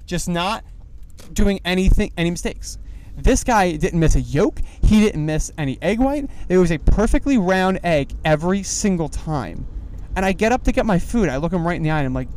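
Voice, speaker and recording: A young man hosting a solo podcast while driving, rambling in a loose, animated way with lots of fillers. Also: fairly high pitch, brisk, slight background noise. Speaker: podcast host. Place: inside a car.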